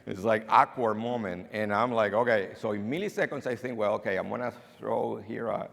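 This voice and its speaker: A man's voice: lowish voice, fairly quick, gravelly. A man from abroad giving a conference talk, telling stories and acting out the people in them. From outside the US. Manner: animated storyteller acting out dialogue. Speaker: keynote speaker. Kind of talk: conference talk with acted anecdotes. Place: banquet hall. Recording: long hall reverb.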